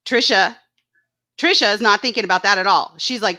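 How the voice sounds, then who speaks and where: Woman host, casual chat-reading commentary; bright, sharp tone, blunt and fed up, swears a lot. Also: medium pitch, a little fast. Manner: blunt and indignant, swears freely. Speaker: YouTube channel host.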